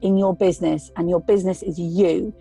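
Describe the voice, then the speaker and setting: A woman's voice: lowish voice, fairly even intonation, brisk, mellow, slightly rough, soft background music. A woman voice actor giving earnest, rambling advice in a casual interview, often restarting her sentences. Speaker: voice actor guest.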